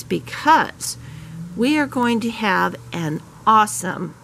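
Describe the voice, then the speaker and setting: Middle-aged lady rambling about a movie, slow and gravelly, bit of outdoor noise. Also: on the low side, a bit bright, poor audio. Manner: rambling, many restarts and fillers. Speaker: channel host. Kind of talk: casual chat to camera. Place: outdoors in a garden.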